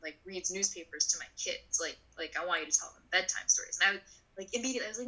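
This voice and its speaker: A woman in her twenties telling a personal story in an interview, animated and full of "like", acting out the voices of people in her story. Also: mid-range voice, quick pace, low-quality recording. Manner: animated, acts out voices in quotes; filler-heavy, frequent "like". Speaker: guest.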